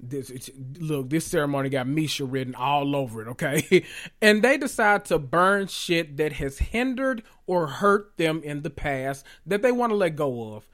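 A podcast host giving a sassy, animated recap of a reality show, full of joking asides and cursing. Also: mid-range voice, normal speed.

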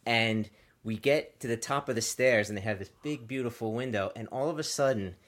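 A man co-hosting a podcast, telling an animated story in casual chat and mimicking other people's voices. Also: mid-range voice, brisk. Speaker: podcast co-host.

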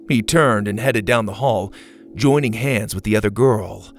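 A man reading a children's story aloud in expressive, scripted narration. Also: on the low side, unhurried, soft background music. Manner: expressive, varied delivery.

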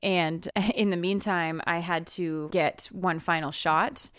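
A woman co-hosting a casual chat podcast from a bedroom, telling stories with lively acted-out quotes. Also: lowish voice, slow pace, smooth, no room sound, studio quality. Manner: animated storyteller who acts out quoted people. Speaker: podcast co-host, wedding singer. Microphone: headphones off, sitting in the room.

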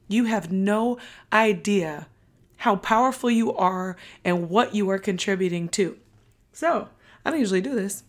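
A young adult woman hosting a motivational podcast, hoarse and a bit out of breath from losing her voice, talking in an energetic, emphatic, casual way with the odd swear. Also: medium pitch. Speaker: podcast host.

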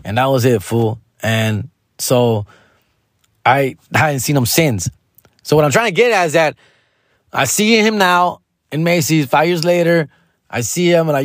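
Comic dude telling a story, swears a lot, calls you fool, dry close sound. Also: male voice, mid-range voice, normal speed, dry recording. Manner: slangy and profane, calls listeners "fool" and "dog". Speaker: stand-up comedian. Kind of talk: casual storytelling.

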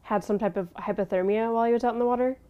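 A woman's voice: fairly high pitch, fairly even intonation, rapid-fire, phone-quality sound. A woman interviewing someone, keeping her replies short and her questions direct. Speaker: interviewer, daughter of the subject.

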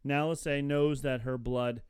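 A man's voice: medium pitch, steady tone, a little slow, darkish tone, clean tone, no room sound, clean studio sound. A man co-hosting a casual podcast, talking in a loose, rambling way with many fillers. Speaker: podcast co-host. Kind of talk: casual chat.

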